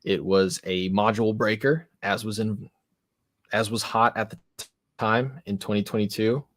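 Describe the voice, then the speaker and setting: A man with a lowish voice chats casually as a show host, rambling and poking fun at himself. The sound is close and dry, with no room around it. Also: fairly even intonation, moderate pace, no echo. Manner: rambling, self-deprecating. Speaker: podcast host and game master. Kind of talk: casual chat about tabletop games.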